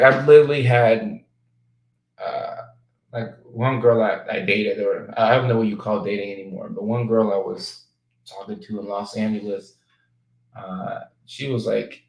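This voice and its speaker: A man chatting casually as a talk show guest, playful and joking at times, halting and hesitant at others. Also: lowish voice, vocal fry, roomy sound, rough recording. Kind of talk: casual chat.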